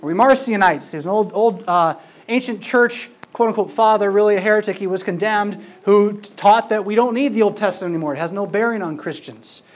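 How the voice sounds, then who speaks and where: A Bible teacher giving a classroom lecture, emphatic and lively, with informal asides. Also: medium pitch, brisk. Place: classroom with a projected screen.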